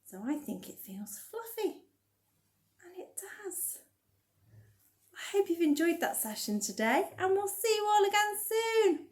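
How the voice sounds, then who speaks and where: A woman leading a baby rhyme and story session as a children's librarian, gently encouraging parents to join in. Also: very high voice, animated, moderate pace.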